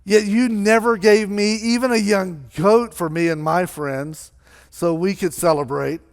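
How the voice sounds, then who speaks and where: Man playing a resentful older brother, indignant, complaining, drawn-out words. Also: sits high, steady tone.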